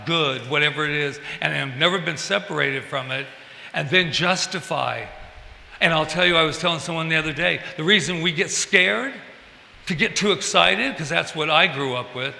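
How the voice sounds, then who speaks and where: Brief: a reverend preaching in a bright, fairly high voice, lively and confiding, in a roomy hall. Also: male voice, moderate pace, gravelly, a little hiss or hum. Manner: animated, playful, confiding. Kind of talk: sermon. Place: church service hall. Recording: echoey hall.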